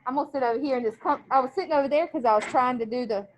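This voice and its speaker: A woman's voice: high-pitched, rapid-fire, slight background noise. A woman teacher reading a novel aloud to her class, stopping often to quiz the students on words and events. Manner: animated, quizzing students between passages.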